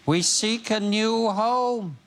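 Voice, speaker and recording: Guy doing an alien envoy, super slow and grand, kinda high. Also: a bit bright. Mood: solemn. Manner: slow, drawn-out, portentous. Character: solemn male alien envoy. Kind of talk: comedy sketch improv. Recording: noisy studio.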